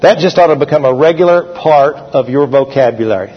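Animated and slightly rough, this pastor's high-leaning voice races along with few pauses as he preaches and leads his congregation in call-and-response, chatting conversationally. The sound is dull and echoey, like a hall.

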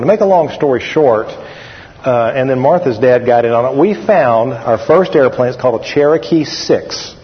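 A middle-aged man with a mid-range voice preaches a folksy sermon at normal speed, telling a story, repeating phrases, and calling on the congregation to respond. The recording is dull and echoey, as in a hall.

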